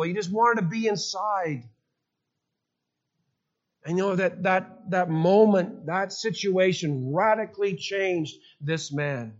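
Male preacher, high pitch, storytelling sermon with repeated emphasis, muffled lo-fi recording.

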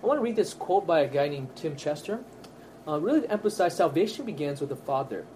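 A man leading a Bible study lesson, with a voice pitched a little above average for a man. He talks in an earnest, emphatic way and keeps checking in with his class. Faint noise sits behind him. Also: lively intonation, fast, mellow.

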